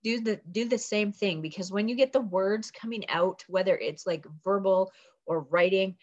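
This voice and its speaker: A woman's voice: mid-range voice, moderate pace, a little mellow. A woman giving a motivational coaching talk on a video call, earnest and rambling with many fillers. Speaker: team leader coaching on a business call. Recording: dull lo-fi call audio.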